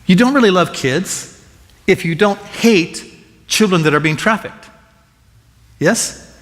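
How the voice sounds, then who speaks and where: A man preaching a sermon as pastor, animated and conversational, often restarting and repeating words as he gets excited. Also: high voice, takes it slowly, in a large hall.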